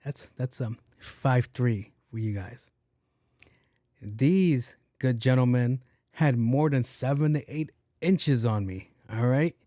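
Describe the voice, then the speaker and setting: A man of ordinary pitch hosts a solo podcast, spinning a comic story as a loose, profane rant. He acts out the other people in the story as he goes. The sound is close and dry, with no room around it. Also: slow pace, warm tone, no room sound. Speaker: podcast host.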